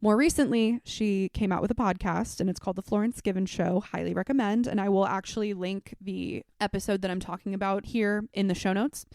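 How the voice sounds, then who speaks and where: A woman's voice: medium pitch, fairly even intonation, a little fast, few pauses, darkish tone, dry recording, studio quality. A young adult woman, a teacher, hosting her own podcast in a candid, reflective way, with frequent fillers. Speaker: podcast host. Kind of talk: casual solo podcast talk.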